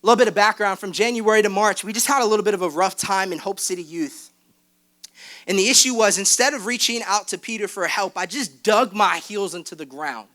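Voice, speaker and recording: A young youth pastor preaches from a church stage, starting candid and self-deprecating before building into fervent exhortation. His voice sits high, with a brisk pace and a fairly bright tone.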